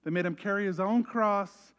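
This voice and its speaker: A man preaching a sermon as pastor, animated and acting out quoted voices to a congregation. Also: high-pitched, normal speed, clean tone. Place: church service.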